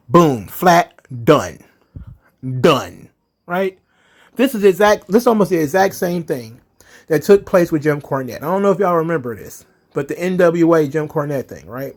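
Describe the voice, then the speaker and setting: A man's voice: on the high side, big pitch swings, normal speed. A man giving an angry, profane commentary rant as a wrestling vlogger, heated and emphatic.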